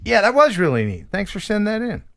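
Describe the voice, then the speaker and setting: A man's voice: high voice, huge pitch swings, fast, creaky, fairly bright tone. A man hosting a casual live stream, his voice rising and falling a lot as he jokes around. He rambles, laughs at himself and reads viewer letters aloud. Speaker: host.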